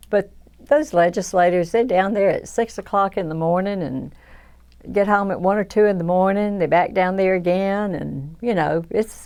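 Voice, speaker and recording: A woman's voice: fairly low pitch, gravelly, a little mellow. An older woman from south Georgia with a Southern American accent, reflecting in an oral history interview with many restarts and fillers.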